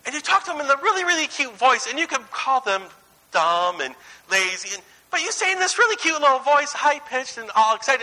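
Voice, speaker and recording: Bright, high-voiced male preacher. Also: brisk, poor audio. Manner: conversational, anecdotal, swings between lively and hushed. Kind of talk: sermon.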